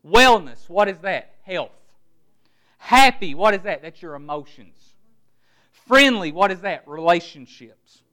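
A man preaching a sermon in a noticeably high voice. He stresses words one by one and poses rhetorical questions, then drops quiet and low to land his key points. He sounds middle-aged. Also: expressive, measured pace. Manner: emphatic preaching, word-by-word emphasis, rhetorical questions. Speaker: pastor.

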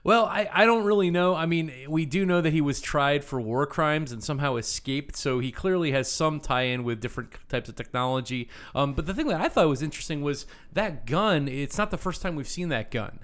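A man's voice: a little high, expressive, a little fast, few pauses, fairly bright tone. A man co-hosting a casual podcast, talking in a playful, nerdy way and posing quiz-style questions. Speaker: podcast co-host.

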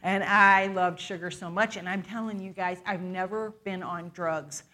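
Bright-voiced woman preaching a chatty sermon. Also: on the low side, steady tone. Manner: chatty, candid, quick to laugh at herself. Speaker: guest preacher. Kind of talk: informal sermon with personal testimony. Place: church sanctuary.

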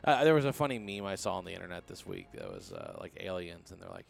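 A man hosting a casual podcast, talking in a rambling, joking way. His voice sits fairly low, and he keeps stopping to restart his sentences. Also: wildly swooping pitch, fast talker, gravelly. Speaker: podcast host.

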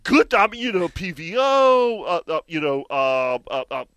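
A man with a drawl who chats in a high voice, animated and quick to laugh, stumbling over repeated words. The sound is dry and close. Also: clear, resonant tone, no echo. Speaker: radio fishing show host. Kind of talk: casual chat.

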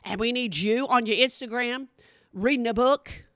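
Sassy middle-aged lady ranting for laughs, kinda high voice, dead dry mic. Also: normal speed, a bit bright, no echo. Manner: exasperated, sassy, mocking. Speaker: comedian. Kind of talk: comedic rant to camera.

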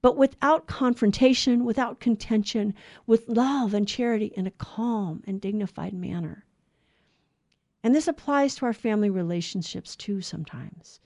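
A woman's voice: mid-range voice, moderate pace, a little mellow, dry recording, studio quality. A middle-aged woman co-hosting a Catholic radio Bible study, talking in an earnest, conversational way with frequent restarts.

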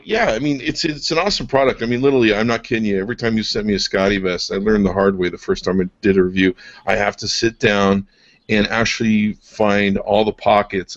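Upbeat man with a low voice. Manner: enthusiastic, joking, laughs often. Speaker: podcast host. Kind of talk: casual product chat. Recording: dull lo-fi podcast audio.

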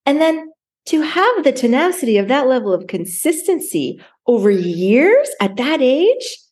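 A woman's voice: sits high, sing-song, a little slow, a little mellow. A woman hosting a podcast interview, responding to her guest in an effusive, encouraging way. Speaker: podcast host. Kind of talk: conversational interview.

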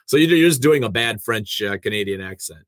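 Radio man, lowish voice, dry close mic, chatty self-deprecating storyteller. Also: lively intonation, a little fast, no echo. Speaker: radio host and producer. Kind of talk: casual conversational storytelling.

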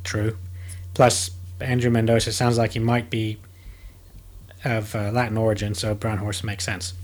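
A man hosting a comedy podcast, reading a news story aloud in a halting way with many fillers, casual and joking. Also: fairly low pitch, flat delivery.

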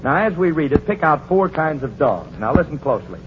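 A man's voice: a little high, sing-song. Breezy man hosting a radio quiz. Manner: breezy, joking, quick banter. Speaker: quiz show host and bandleader. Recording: dull, hissy 1940s radio broadcast.

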